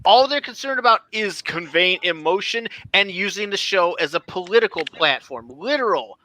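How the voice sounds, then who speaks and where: A man's voice: sits high, expressive, moderate pace, sharp tone, dry recording. A man in a casual group chat, earnestly laying out his argument. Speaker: podcast panelist.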